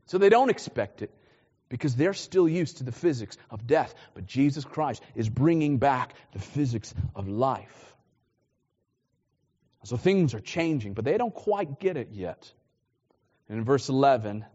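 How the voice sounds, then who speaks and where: Man, pastor, conversational sermon, repeats words, slightly high voice, long hall reverb. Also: big pitch swings, a little slow, a little mellow, dull audio. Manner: conversational preaching, repeats words when restarting.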